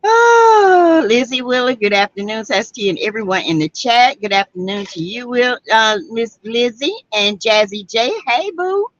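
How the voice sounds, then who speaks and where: This Southern-accented host from South Carolina keeps her livestream chatty, greeting viewers by name as she reads their comments. She talks at a normal speed with hardly any pauses in a mid-range, slightly bright voice, recorded with no echo but dull audio.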